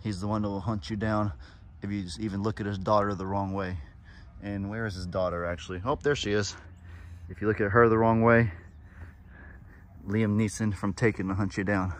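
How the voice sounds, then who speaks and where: A man's voice: fairly low pitch, steady tone, brisk, pauses often, slight background noise. A man vlogging outdoors on a farm in a casual, chatty way, cooing fondly at the animals in a baby voice. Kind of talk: casual chat to camera.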